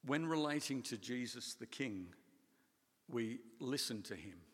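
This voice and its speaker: A man preaching a sermon in a conversational, animated way, with playful asides. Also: medium pitch, measured pace, breathy edge, long reverb tail. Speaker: pastor.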